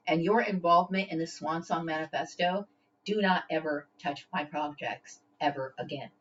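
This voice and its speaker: Confrontational woman, lo-fi recording. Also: fairly low pitch. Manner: confrontational, repeats "okay?" often; stammers and restarts when upset. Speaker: vlogger. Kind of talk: direct-to-camera rant. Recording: dull lo-fi home recording.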